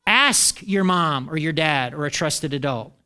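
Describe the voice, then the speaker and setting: Here a middle-aged man gives a sermon at a measured pace, his voice high and bright. As pastor, he speaks animatedly to the congregation, shifting into the voices of those he's quoting.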